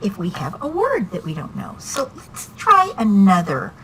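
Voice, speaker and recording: A woman's voice: mid-range voice, wildly swooping pitch, normal speed, fairly bright tone, a little hiss or hum, poor audio. A woman teaching reading one-on-one to a student, patient and encouraging, asking many questions.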